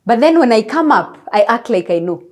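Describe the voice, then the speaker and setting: A woman's voice: fairly high pitch, brisk. A middle-aged Kenyan woman with a Kenyan accent, a business executive telling stories in a casual interview and acting out the dialogue as she goes. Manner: animated storyteller acting out dialogue.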